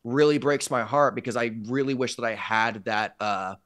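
A man from Iowa who plays in a metal band, chatting as a podcast guest. He rambles and hesitates, with lots of fillers and casual swearing, and his voice sits at an average pitch. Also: moderate pace, a bit bright. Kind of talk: casual interview chat.

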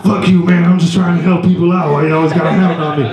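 A man imitating Fat Albert, booming and slurred. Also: little pitch movement, quick pace, over a noisy crowd, close to an everyday voice. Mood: jovial. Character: big cheerful cartoon teen boy. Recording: roomy stage sound.

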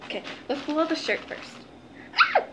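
A woman's voice: high voice, expressive, normal speed, heavy background noise. A young woman chatting to her viewers in a casual unboxing vlog, gushing and giggling, calling them "guys". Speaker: vlogger.

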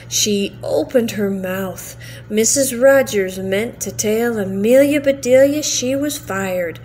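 Older woman gently reading a bedtime story. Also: mid-range voice, slight background noise. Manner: slow, gentle, soothing reading. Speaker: grandmother reading aloud.

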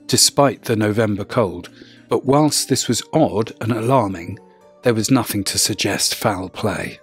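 Husky male horror narrator, measured and low-key, soft music bed. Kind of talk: first-person horror narration.

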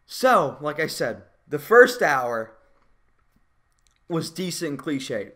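A man's voice: fairly high pitch, big pitch swings, slow, long pauses, bright, forceful tone. A young man reviewing a movie in a casual, profane, exasperated rant.

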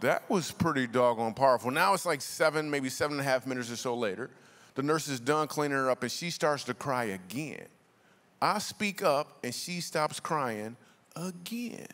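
A man's voice: medium pitch, expressive, normal speed, fairly bright tone. A man giving a guest sermon in a casual, joking way, bantering with the congregation. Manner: conversational, jokey, bantering with the crowd. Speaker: guest speaker. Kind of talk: comedic sermon. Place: large church hall. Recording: live sermon with long hall reverb.

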